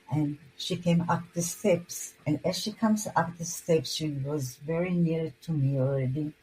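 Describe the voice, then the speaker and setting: An older woman in her eighties from Hungary, giving personal testimony in an interview, halting and restarting her words often. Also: low-pitched, mellow, slight background noise, rough recording.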